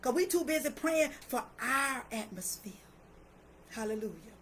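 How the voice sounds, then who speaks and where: A woman's voice: high voice, lively intonation, unhurried, fairly bright tone, slightly rough, low-quality recording. An older woman minister preaching and praying with fervent, repetitive declarations, often breaking into laughter. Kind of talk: live-streamed preaching and prayer.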